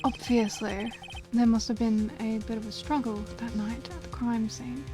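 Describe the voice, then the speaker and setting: A woman voicing a smooth, teasing male prosecutor from a video game, reading his lines aloud in a lowered, unhurried voice. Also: steady tone, over music, lightly acted. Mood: suave.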